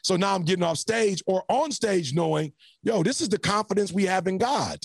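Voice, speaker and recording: A man telling a story as a podcast guest with preacher-like energy, building to shouts and laughing often. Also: sits high, moderate pace, vocal fry, no echo, clean studio sound. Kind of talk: animated motivational storytelling.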